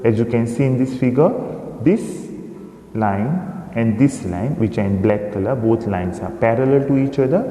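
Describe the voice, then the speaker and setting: A man teaching a recorded maths lesson, explaining slowly and pointing out figures on screen. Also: mid-range voice, lively intonation, warm tone. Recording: echoey room with long reverb.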